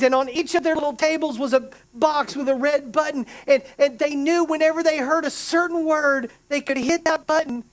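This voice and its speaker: A middle-aged man preaching a sermon, an emotional storyteller who restarts sentences and adds quick asides. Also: very high voice. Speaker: pastor.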